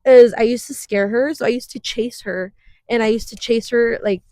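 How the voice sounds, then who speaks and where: A woman in her twenties co-hosting a podcast in casual chat, talking fast with many fillers and frequent laughs. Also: fairly high pitch, darkish tone, no echo. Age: 20s. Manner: chatty, laughs often, uses many fillers. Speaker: podcast co-host.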